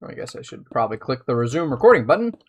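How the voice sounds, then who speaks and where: A man's voice: medium pitch, sing-song, rapid-fire, slight background noise. A man live-streaming a building game, chatting casually and thinking aloud as he plays.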